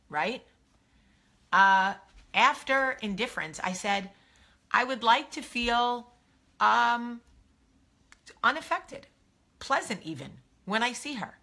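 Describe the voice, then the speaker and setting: Bright-voiced woman giving candid advice. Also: medium pitch, slightly rough. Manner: candid, animated, conversational advice. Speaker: host of a live video show. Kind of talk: casual live-stream monologue. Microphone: phone or webcam, live video.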